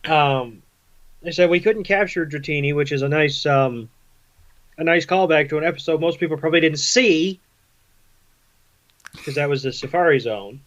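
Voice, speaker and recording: A man's voice: fairly high pitch, moderate pace, pauses often, fairly bright tone, highs cut off. A man co-hosting a podcast, casually recapping a cartoon episode in a laid-back storytelling way. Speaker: podcast co-host.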